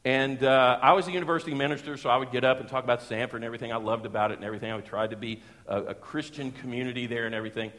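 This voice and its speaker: A middle-aged man, preaching a sermon as a pastor and telling a personal story in a lively, folksy way with chuckles. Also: medium pitch, very fast, few pauses. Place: church sanctuary. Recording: long church hall reverb.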